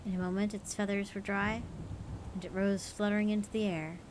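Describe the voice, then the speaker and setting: A woman's voice: medium pitch, level tone, a little fast, background noise. Woman streamer, storyteller: easygoing, playful, mid-range voice. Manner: casual, playful, tired late in the stream. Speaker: streamer reading stories. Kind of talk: storytelling livestream.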